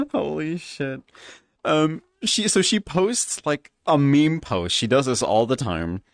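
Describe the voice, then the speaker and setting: A flamboyant man chatting on stream, a little tipsy and slipping into a Valley Girl lilt. His pitch swoops up and down with a lot of life, and the sound is dry and close, with no room echo. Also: unhurried. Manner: flamboyant, animated. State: tipsy from drinking. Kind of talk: casual stream chat.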